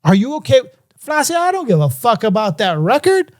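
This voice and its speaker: A man's voice: very high voice, big pitch swings, brisk. A middle-aged man and music producer telling a story in an interview, acting out phone calls in different voices.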